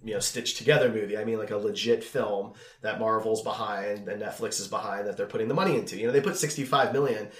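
A man chatting casually on a podcast, quick with jokes. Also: fairly low pitch. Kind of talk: casual chat. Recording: roomy echo.

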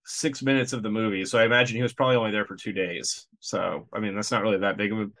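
A man's voice: on the low side, rapid-fire. Rambling man chatting about a movie. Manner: rambling, animated, many fillers. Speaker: podcast co-host. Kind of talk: casual movie review chat.

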